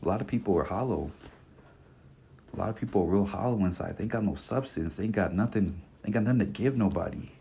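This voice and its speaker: Talking fast, a young man in his twenties rants alone on his podcast, passionate and blunt, cursing and using slang while repeating himself. The voice sits low and comes across gravelly, mellow, and husky.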